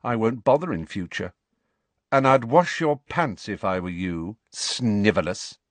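A man's voice: lowish voice, animated, a little slow, dry recording. A man voicing a proud, furious teenage girl in an audiobook, speaking in a scornful, cutting way. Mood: cool, scornful. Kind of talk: audiobook character reading.

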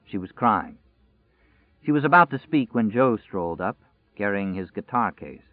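A man narrating a novel in a measured, even storyteller's voice, pitched a little low. The sound is dead dry. It has a narrow, tinny band like a phone line. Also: dry recording. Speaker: audiobook narrator.

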